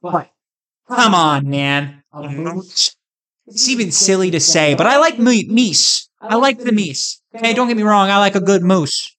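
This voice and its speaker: A man's voice: high-pitched, measured pace, pushed and bright. A fired-up man from the States rants to camera in a loose, comedic vlog. He rambles from one thing to the next, tosses in crude jokes, and keeps himself jazzed up the whole way through. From United States. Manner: hyped, rambling and jokey, with crude asides. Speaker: vlogger. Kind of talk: casual comedic rant to camera.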